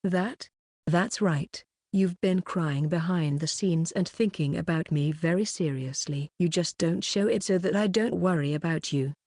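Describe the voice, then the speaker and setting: A devoted young woman speaks softly, almost hushed, in a lowish, even voice, as a woman narrator reads her lines. She is the loyal childhood friend of an audiobook. The recording is dry and close. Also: measured pace, no room sound. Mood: tender. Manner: soft, hushed.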